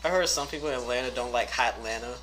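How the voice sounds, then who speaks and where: A young man co-hosts a casual podcast, trading teasing jokes with his co-host. His voice sits at a middle pitch and sounds bright and forceful. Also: fast talker, faint music behind, rough recording. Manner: teasing, joking.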